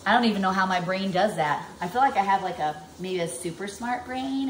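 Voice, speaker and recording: A woman in her forties chatting at length in a home kitchen vlog, rambling and animated with plenty of fillers while she works. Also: fairly low pitch, normal speed, hardly any pauses. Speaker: vlogger. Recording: echoey room, faint household noise.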